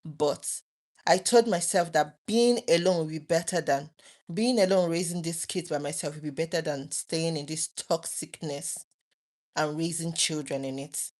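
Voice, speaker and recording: Earnest, emotional woman with a lowish voice. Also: moderate pace, a little mellow. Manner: earnest and emotional, with frequent restarts. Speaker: vlogger. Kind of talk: personal late-night talk to viewers.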